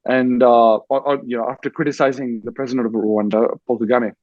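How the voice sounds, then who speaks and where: On a festival panel, an author and war correspondent who grew up in Dubai tells his story, often restarting his sentences. He speaks briskly in a level, medium-pitched, slightly mellow voice, and the recording has no echo but loses its highs.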